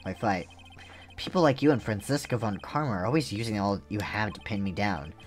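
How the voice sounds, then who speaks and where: A man's voice: lowish voice, a little fast, faint music behind, lightly acted. A man voicing a troubled young male defense attorney, earnest and pleading, while reading game dialogue aloud. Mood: anguished.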